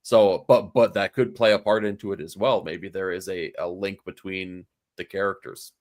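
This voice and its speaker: A man's voice: low-pitched, steady tone, moderate pace, a little mellow. A man co-hosting a casual comic book podcast, earnest and analytical, repeating phrases for emphasis. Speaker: podcast co-host.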